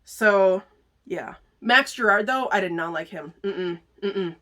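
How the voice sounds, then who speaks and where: A woman's voice: mid-range voice, lively intonation, measured pace, sharp tone. A woman hosting a book club video, chatting casually through a book review with plenty of filler words and easy laughter.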